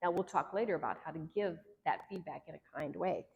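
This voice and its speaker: A woman's voice: fairly low pitch, quick pace, vocal fry, muffled recording. A woman, a marriage therapist, teaching a workshop in an earnest, conversational way, acting out the lines she quotes. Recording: long hall reverb.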